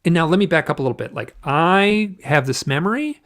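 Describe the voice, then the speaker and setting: A man telling a personal story in an interview, halting and restarting often, acting out the voices of the people he quotes. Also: a little high, animated, fairly bright tone. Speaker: guest.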